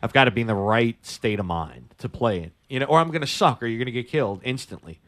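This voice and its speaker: A man's voice: mid-range voice, lively intonation, fast talker, fairly bright tone. A man co-hosting a casual talk show, agreeable and rambling, swearing casually. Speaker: podcast co-host. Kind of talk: casual radio-show banter.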